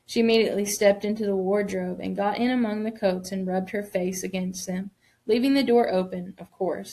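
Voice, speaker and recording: Female teacher, read-aloud lesson, mid-pitched voice, pauses to explain and stress words. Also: darkish tone. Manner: stops to explain reading points, stressing words. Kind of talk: reading a novel aloud to students.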